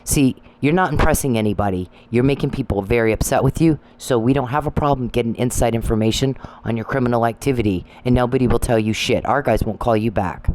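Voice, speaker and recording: A man's voice: mid-range voice, fast talker, hardly any pauses, a little mellow, poor audio. A man delivering an angry, profane monologue that scolds people he addresses. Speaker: commentary channel host.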